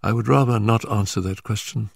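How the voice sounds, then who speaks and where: A man's voice: fairly low pitch, fairly quick, creaky, no room sound, studio quality. An older man voicing a composed, strong-willed young woman in a story reading, speaking firmly with a slightly raised voice.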